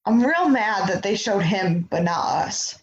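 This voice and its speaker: A woman co-hosting a podcast, casually recapping a TV episode with quick asides. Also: medium pitch, expressive, muffled recording. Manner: chatty, quick asides, acts out quotes. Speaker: podcast co-host.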